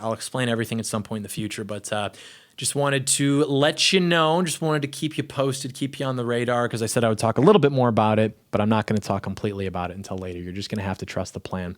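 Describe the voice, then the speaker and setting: A man's voice: mid-range voice, fairly bright tone. A young adult man, a YouTube commentator, chatting casually and rambling to camera from his home studio, often cutting himself off mid-sentence. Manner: rambling, self-interrupting, offhand. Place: small home video studio.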